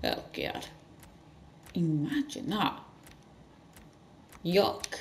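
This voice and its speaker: A gaming channel host giving rambling let's-play commentary with sudden loud outbursts. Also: medium pitch, huge pitch swings, drawn-out words, vocal fry, slight background noise.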